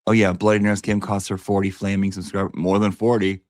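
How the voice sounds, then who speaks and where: A man's voice: low-pitched, level tone, brisk, a little mellow, dry recording, clean studio sound. A man giving casual online commentary, crude and rambling.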